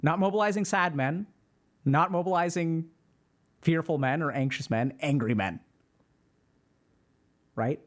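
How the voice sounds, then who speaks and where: A calm man reads a viewer's post aloud on his stream, then talks it through in an explaining, reflective tone. His voice sits a little high for a man. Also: measured pace, long pauses. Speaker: host. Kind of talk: reading and commenting on a viewer post.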